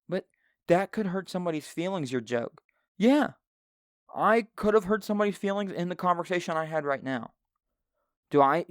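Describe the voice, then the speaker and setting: A man's voice: clear, resonant tone, dry recording. Profane, ranting man on a dry mic. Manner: profane, ranting, swings into loud high-pitched outbursts. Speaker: podcast co-host. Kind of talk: solo podcast rant. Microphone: handheld microphone.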